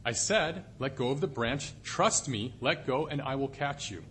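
A preacher playing the calm voice of God. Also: male voice, medium pitch, normal speed, a little hiss or hum, lightly acted. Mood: assured. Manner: steady, reassuring instructions.

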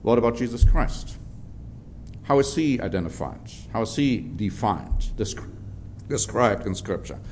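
A man preaching a Bible-teaching sermon in a measured, emphatic way, drawing out key words for stress. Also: lowish voice, lively intonation, slight background noise.

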